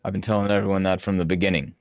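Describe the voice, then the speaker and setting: A man plays his character in a tabletop game with a lowish voice. He is blunt, sarcastic and swears freely. His voice sounds dry and close. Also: flat delivery, racing, darkish tone, dry recording. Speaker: player.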